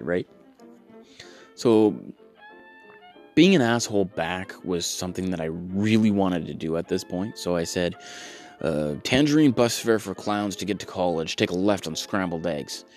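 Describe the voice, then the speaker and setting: A man's voice: deep voice, darkish tone. A man telling a comedic story in a casual, rambling, self-mocking way, with profane sarcastic asides and frequent restarts.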